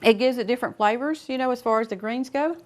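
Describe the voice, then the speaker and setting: A woman's voice: a little high, quick pace. A woman with an American accent co-hosting a cooking show, chatting in a homey way as she serves and tastes a salad. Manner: chatty and homey, thinking aloud while serving. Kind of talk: casual cooking show chat.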